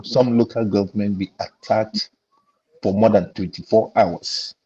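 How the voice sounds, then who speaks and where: Indignant husky man with a Nigerian accent. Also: fairly low pitch, dark tone, highs cut off. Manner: indignant storytelling, acting out the exchanges. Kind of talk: casual panel discussion.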